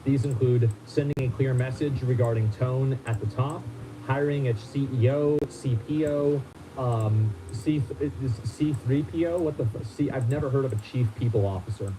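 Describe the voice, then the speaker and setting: A man reads a formal letter aloud on a stream. He keeps stopping for halting, disbelieving comments. There is clear noise under his voice. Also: medium pitch. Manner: halting, incredulous asides. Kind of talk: reading a statement aloud with commentary.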